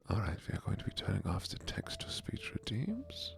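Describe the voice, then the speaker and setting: A man with a put-on German accent in a soft-spoken ASMR stream, greeting viewers and reading poetry in a hushed whisper. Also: sits low, huge pitch swings, moderate pace, vocal fry, few pauses.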